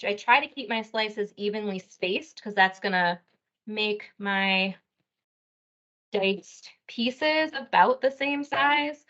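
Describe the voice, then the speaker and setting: A woman dietitian leads a casual cooking demonstration, explaining each step plainly with the odd "um". Her voice sits at a middle pitch. The recording sounds a little dull and lo-fi. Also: slow pace, sharp tone. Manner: friendly step-by-step explaining with fillers. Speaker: dietitian teaching a cooking class.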